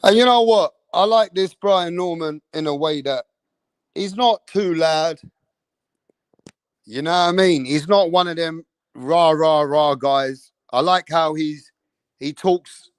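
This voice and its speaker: A man hosting a live boxing stream, talking in a streetwise, slang-heavy way and keeping up a steady chat straight to the viewers. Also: fairly high pitch, unhurried, long pauses, clear, resonant tone, no room sound. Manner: streetwise, slang-heavy, keeps saying bro and bruv. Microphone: streaming setup mic.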